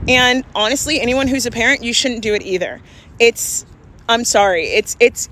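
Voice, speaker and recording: A woman's voice: on the high side, a bit bright, slight background noise. A woman, telling an emphatic vlog story with laughs, recorded on a phone outdoors. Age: 40s. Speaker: vlogger. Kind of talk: ranting vlog.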